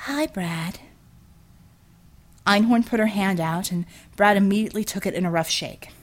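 A woman narrating an audiobook in an expressive, animated storytelling manner. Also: mid-range voice, fairly quick.

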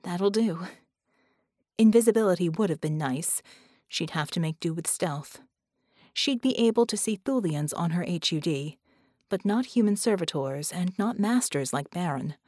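A woman narrating an audiobook in a measured, steady reading voice. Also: on the low side, dry recording, clean studio sound. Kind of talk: scripted narration.

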